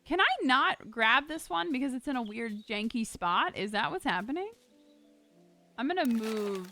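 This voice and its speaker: Excitable bright-voiced woman streamer. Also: fairly high pitch, moderate pace. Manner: excitable, loud outbursts, chatty storytelling. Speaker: game streamer. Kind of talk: casual live-stream chat while gaming. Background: game music.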